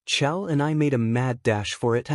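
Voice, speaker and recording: A man's voice: medium pitch, normal speed, no room sound, studio quality, natural voice. A man voicing a bumbling male robot sphere who rambles sheepishly about his own blunders. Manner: rambling, self-deprecating.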